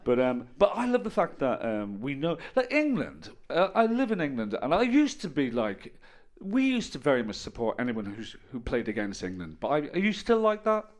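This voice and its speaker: An Irish man in his fifties works through a stand-up set, his voice bouncing up and down with lively pitch. He rambles wryly from one story to the next and tosses in playful asides. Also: moderate pace, few pauses. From Ireland. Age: 50s. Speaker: stand-up comedian. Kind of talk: stand-up routine.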